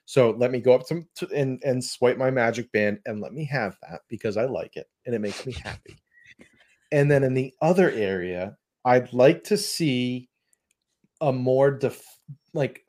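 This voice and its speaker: A man hosting a podcast in casual chat, animated and rambling, often laughing. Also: mid-range voice, normal speed. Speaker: podcast host.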